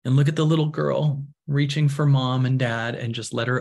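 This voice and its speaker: Middle-aged guy, spiritual teacher type, talks soft and slow with lots of pauses. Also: medium pitch, flat delivery, gravelly. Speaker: spiritual teacher answering a viewer question. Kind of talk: guided reflection talk.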